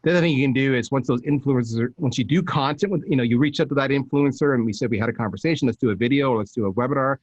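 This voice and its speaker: A man, a podcast guest, giving emphatic, animated marketing advice in casual talk. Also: mid-range voice, very fast, few pauses, husky, dry recording, highs cut off. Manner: energetic, emphatic, animated storytelling with restarts.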